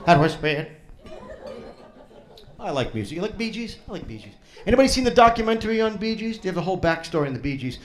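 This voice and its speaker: A man's voice: high-pitched, sing-song, fast, a bit bright. A man doing a crude, teasing stand-up set with crowd work, with a hint of New in his speech. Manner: brash, crude, teasing the audience. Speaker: stand-up comedian. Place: comedy club stage before a laughing crowd.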